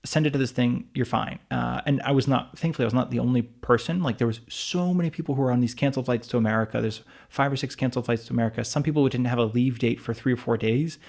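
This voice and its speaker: Fast-talking man telling a rambling story. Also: medium pitch, gravelly, a little mellow. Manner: rambling storytelling with many restarts and asides. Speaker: podcast co-host. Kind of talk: casual chat.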